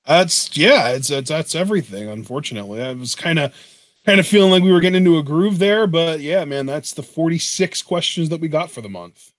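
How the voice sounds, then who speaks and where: A man's voice: on the high side, expressive, brisk, no room sound. A man co-hosting a live-streamed Q&A show, talking casually in a laid-back way with lots of "like" fillers. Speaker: co-host of a Q&A show.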